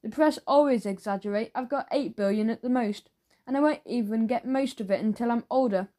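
A woman's voice: on the high side, fairly quick, warm tone, close to an everyday voice. A woman voicing a shy, awkward, apologetic twelve-year-old boy who speaks hesitantly. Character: shy, awkward rich schoolboy.

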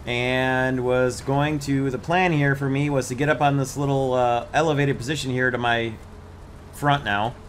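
A man hosting a gaming channel, explaining his match in a relaxed way and then calling out targets to his squad. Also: mid-range voice, normal speed, a little hiss or hum. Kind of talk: gameplay commentary and squad voice chat.

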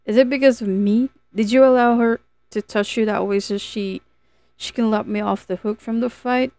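A woman's voice: on the high side, unhurried, darkish tone, no room sound, voice pushed up. A woman voicing a hurt, angry teenage girl who pleads and accuses in a raised, strained voice. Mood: hurt, accusing.

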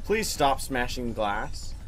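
A man's voice: medium pitch, very animated, takes it slowly, fairly bright tone. A man giving casual, profane, joking commentary while playing a strange video game. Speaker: let's play host. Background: game music.

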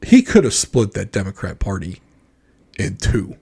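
A low, gravelly, husky voice belongs to an American man co-hosting a podcast, talking at a measured pace in casual chat. He brings his stories to life by performing other people's reactions.

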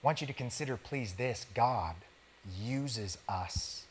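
A man's voice: medium pitch, expressive, measured pace, a little hiss or hum. A male pastor preaching in an easygoing, conversational way, talking directly to his congregation with slangy everyday words. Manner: casual, conversational preaching that talks straight to the congregation. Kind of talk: sermon.

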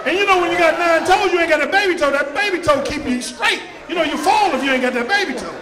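A male stand-up comedian with a strikingly high voice performs a loud, rowdy set. He shouts his punchlines in an echoey club, with a busy audience audible behind him. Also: fast talker. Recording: roomy club with audience noise. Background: audience laughter and crowd noise.

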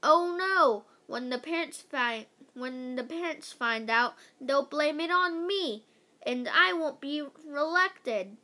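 Lady doing a frantic storybook mayor guy, loud and high, freaking out about getting reelected. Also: animated, slow pace, heavily acted. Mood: panicky. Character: worried male mayor fretting over reelection.

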